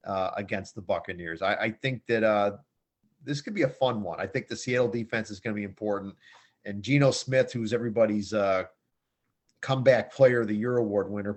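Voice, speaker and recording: Chatty male sports show host. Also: on the low side. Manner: chatty, jokey, rambling. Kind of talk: casual sports picks chat.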